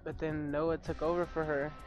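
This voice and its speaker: A man's voice: a little high, flat delivery, over music. A young man telling a heated story about a fight with his manager at work. He swears constantly and keeps acting out both sides of the argument. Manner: swears constantly, rapid ranting retelling. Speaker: fast-food worker telling a story. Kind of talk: casual chat on a live stream.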